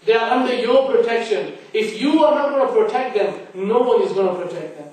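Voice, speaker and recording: A man's voice: very high voice, fairly quick, darkish tone. A man giving an earnest, admonishing lecture in a mosque, telling a story to make his point. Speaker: preacher. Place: large mosque hall. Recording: echoey mosque hall from far off.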